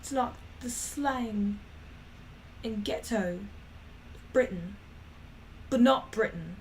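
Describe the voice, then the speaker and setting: A woman's voice: a little high, takes it slowly, a little hiss or hum, low-quality recording. A woman voicing a chatty young British man who rambles offhandedly. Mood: offhand.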